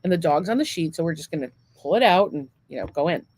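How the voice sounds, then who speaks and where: A woman podcast co-host telling a story in casual chat, animated, laughing often and swearing freely. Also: low-pitched, quick pace, breathy edge.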